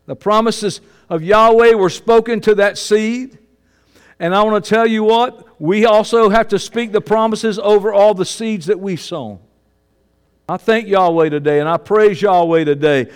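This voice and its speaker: A male pastor preaching a sermon, swinging between fervent shouts and low, hushed emphasis. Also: lively intonation, normal speed, smooth. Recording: long reverb of a large hall.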